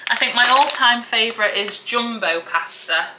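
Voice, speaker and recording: A woman's voice: on the high side, lively intonation, normal speed. A woman with a Northern English accent chatting casually to camera in her home kitchen. She laughs easily and sounds mock-outraged about small things. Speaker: vlogger. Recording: clear background noise at home.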